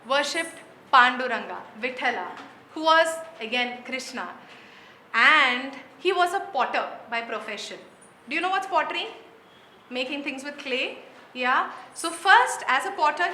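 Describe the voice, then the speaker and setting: Bright, high-voiced storyteller woman. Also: unhurried, a little hiss or hum. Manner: animated, asks the audience questions. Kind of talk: interactive storytelling for children. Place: performance room with an audience. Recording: roomy hall with light ambience.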